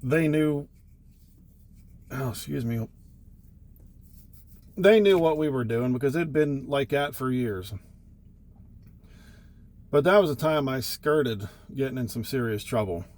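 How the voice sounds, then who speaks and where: A man's voice: medium pitch, slow pace, pauses often, darkish tone. A middle-aged man, a truck driver, telling rambling, profane road stories in a casual way. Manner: rambling, profane, wry anecdotes. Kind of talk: casual storytelling.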